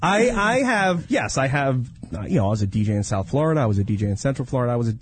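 A man's voice: mid-range voice, a little hiss or hum. A middle-aged man who works as a radio DJ, co-hosting a show with casual joking banter. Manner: joking, quick and animated. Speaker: radio DJ co-host.

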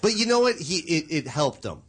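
A man co-hosting a show, chatting casually, joking and teasing, quick to laugh. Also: a little high, big pitch swings, fairly bright tone, breathy edge. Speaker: radio show co-host. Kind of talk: casual chat.

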